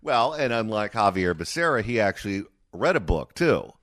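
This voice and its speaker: A male talk radio host riffs sarcastically on air, his pitch rising and falling freely. The studio sound is close and dry. He talks in quick banter. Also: no room sound. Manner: animated, sarcastic.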